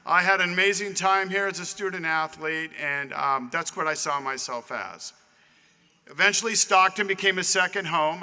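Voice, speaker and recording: A man's voice: fairly high pitch, sharp tone. A man in his fifties from Southern California, giving a chatty acceptance speech at a dinner and calling out to people in the audience. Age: 50s. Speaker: Hall of Fame inductee. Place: banquet hall dinner. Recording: long reverb of a banquet hall.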